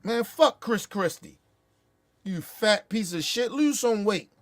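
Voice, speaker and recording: A man's voice: sits high, lively intonation, takes it slowly, no room sound. A man hosting a show, ranting about politics in a heated, profane way with angry bursts. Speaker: show host.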